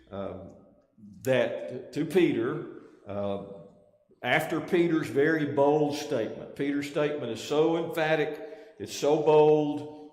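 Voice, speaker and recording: A man teaching a bible class, reading scripture aloud and stopping often to restart his thought. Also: mid-range voice. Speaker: preacher. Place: church auditorium. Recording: echoey church hall, roomy reverb.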